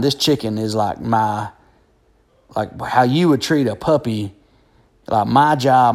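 A man's voice: medium pitch, a little mellow. A man telling a long personal story in a rambling, casual way, full of fillers and restarts. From Alabama.

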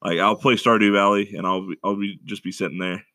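A man's voice: fairly low pitch, steady tone, fast, bright, forceful tone, dry recording, studio quality. A young college-aged man co-hosting a podcast, rambling in a self-mocking way in casual chat. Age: young adult. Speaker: podcast co-host.

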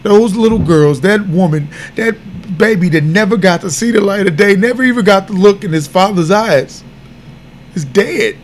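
A man's voice: high voice, expressive, normal speed, slight background noise. A man hosting a podcast, talking earnestly and from the heart. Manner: earnest and heartfelt, speaking openly. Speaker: podcast host. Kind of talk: podcast commentary.

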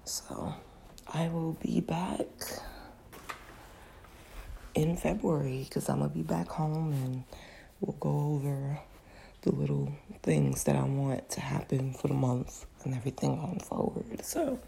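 A woman's voice: low-pitched, level tone, slow, creaky, pauses often, warm tone, a little hiss or hum. A young woman hosting a casual solo podcast, talking candidly in slang, her voice groggy and cracking because she just woke up. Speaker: podcast host.

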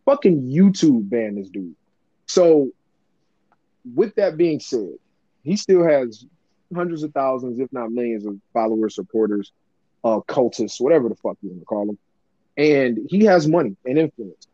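A man co-hosting a casual podcast, laughing often and swearing freely with a sarcastic, lively delivery. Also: medium pitch, normal speed, dry recording, lo-fi sound. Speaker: podcast co-host.

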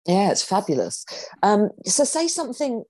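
A woman's voice: medium pitch, big pitch swings, normal speed, a little mellow. A woman co-hosting a podcast over a video call, chatting playfully with lots of teasing and giggles. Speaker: podcast co-host. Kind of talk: casual chat.

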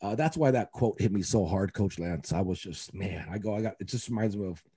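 Dark, husky-voiced man rambling emotionally. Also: sits low, a little fast. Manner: rambling, emotional, many fillers and restarts. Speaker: youth basketball coach, podcast co-host. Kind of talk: casual podcast chat.

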